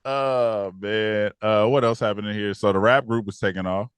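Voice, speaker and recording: A man co-hosting a casual TV recap podcast, animated and acting out characters in raised voices. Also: on the low side, moderate pace, smooth, dry recording. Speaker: podcast co-host.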